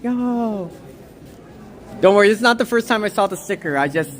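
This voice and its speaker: Brief: woman streamer, gushy and rambling, big swooping pitch, walking outside with a phone. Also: racing. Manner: excitable, gushing, rambling. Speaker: livestreamer. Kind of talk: walking livestream, reading chat. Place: outdoors on a snowy town walk.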